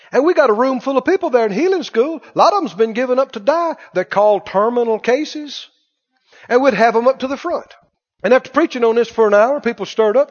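Male preacher, very high voice with lively swings, fiery and colloquial, dull lo-fi recording. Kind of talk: sermon.

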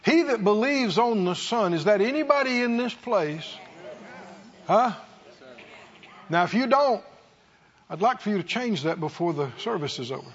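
A man's voice: high voice, expressive, normal speed, pauses often, muffled recording. A man preaching a sermon in a church, with emphatic, repetitive call-and-response delivery. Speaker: pastor.

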